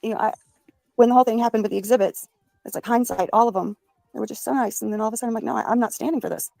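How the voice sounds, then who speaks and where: A woman guest on a livestream panel, telling her side of things in a rushed, emphatic way. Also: on the high side, vocal fry, mellow, dry recording.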